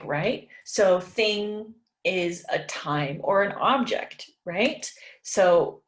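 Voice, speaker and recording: A woman teaching English in an informal lesson, patiently explaining and acting out example sentences. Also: mid-range voice. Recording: echoey room.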